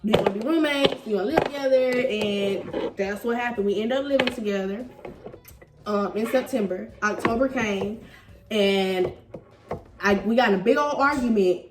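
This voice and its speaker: A young woman in her twenties tells a story in casual slang, lively and quick to laugh. She sits a little back from the mic, and the room gives her voice a roomy echo. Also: mid-range voice, recorded from a distance, background noise. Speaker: vlogger telling a couple's story.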